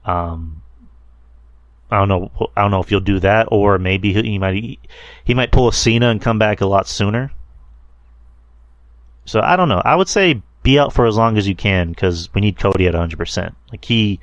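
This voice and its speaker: A man's voice: on the low side, normal speed, no echo, dull audio. A man hosting a solo podcast, rambling casually with lots of fillers and the odd swear word. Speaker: podcast host reviewing wrestling.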